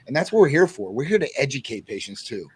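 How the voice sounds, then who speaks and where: A man speaks quickly for a company in a casual chat. His voice sits at a medium pitch, and he fills his explanations with many fillers. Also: very animated, slightly rough. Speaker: company representative.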